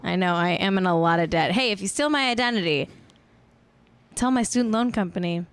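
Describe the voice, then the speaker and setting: A woman's voice: mid-range voice, a little fast, clean tone. A woman in her thirties from California hosting a casual celebrity gossip chat, joking and laughing often. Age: 30s. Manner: chatty, jokey, laughs often. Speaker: podcast host.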